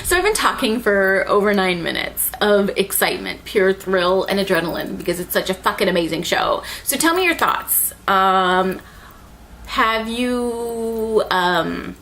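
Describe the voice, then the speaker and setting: A young woman rambling excitedly through an anime recap, full of "like" and swearing. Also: medium pitch, slight background noise. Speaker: anime reviewer.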